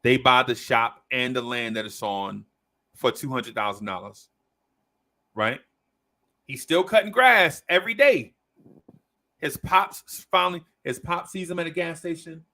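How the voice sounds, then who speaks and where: A man's voice: medium pitch, measured pace, long pauses. A man on a podcast telling a long story in casual chat, acting out the people in it. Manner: animated storyteller, acts out quoted voices. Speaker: podcast host.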